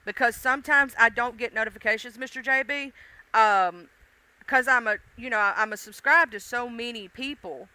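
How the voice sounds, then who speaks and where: A woman's voice: fairly high pitch, normal speed, bright, forceful tone, dry recording. A woman with a mixed Southern US accent, hosting a casual live stream and chatting straight to her viewers in a folksy, casually profane way. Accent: Southern US, mixed country and urban. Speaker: livestream host.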